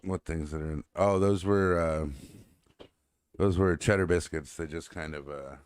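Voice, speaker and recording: A podcast co-host with a very deep, clear, resonant voice chats casually on a talk show, rambling from story to story at a moderate pace in a steady tone. He laughs a lot and swears freely, and the dry recording sounds close with no room around him.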